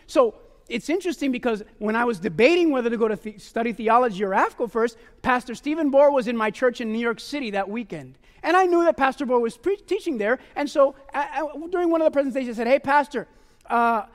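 A man preaching a testimony sermon in an animated way, often calling his listeners "my loved ones" and asking "amen?". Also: extremely high pitch, a little fast, big-room sound.

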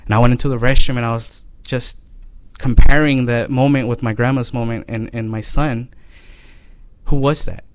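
A man giving an emotional personal testimony, earnest and halting, often repeating his phrases. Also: mid-range voice, steady tone, no room sound.

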